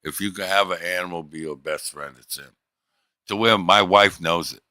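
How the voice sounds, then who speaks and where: A man's voice: deep voice, normal speed, sharp tone, no echo. A man livestreaming, telling a long rambling story to his chat in loose, profane casual talk.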